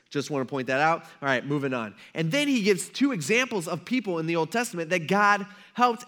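A man's voice: on the high side, fairly bright tone. A young man preaching a sermon in a casual, joking way, acting out the people he talks about. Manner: casual, joking preacher who acts out quotes. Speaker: pastor.

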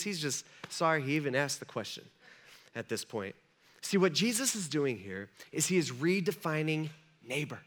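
High bright-voiced male preacher. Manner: animated, conversational, acts out dialogue. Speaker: pastor. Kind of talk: sermon.

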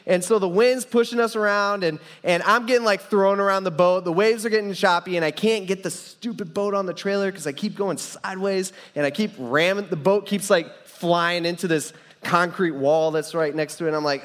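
A man's voice: high-pitched, fairly quick, few pauses, fairly bright tone. Casual young male preacher in a reverberant hall. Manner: casual, rambling storytelling with many fillers and restarts. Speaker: pastor. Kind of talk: sermon with personal story.

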